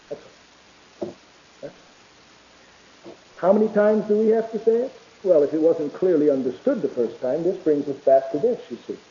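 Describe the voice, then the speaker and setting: Male preacher, sermon delivery, emphatic swings from loud to soft; high mellow voice, muffled lo-fi recording. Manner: reads quotations aloud. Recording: dull lo-fi recording.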